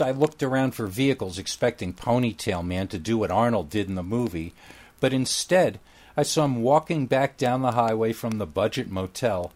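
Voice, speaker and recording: A man with a fairly low voice narrates a first-person story. He keeps it casual and wry, like someone recounting a strange day at work.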